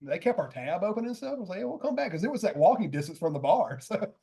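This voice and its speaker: A man's voice: high-pitched, very animated, fast, dark tone, slightly rough. A man hosting a casual porch chat, telling concert stories in a laid-back way and laughing often. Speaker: podcast host.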